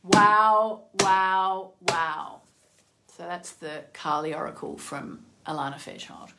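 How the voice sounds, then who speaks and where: A woman hosting a casual live-stream card reading, chatty and effusive, reacting emotionally aloud and drifting between soft near-whispers and excited exclamations. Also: mid-range voice, slow, background noise. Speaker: oracle card reader and host.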